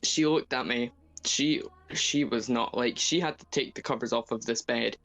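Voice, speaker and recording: Hesitant gravelly Scottish man. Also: medium pitch, moderate pace, a bit bright. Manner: hesitant, stammering. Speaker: caller confessing. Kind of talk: comedic mock confession.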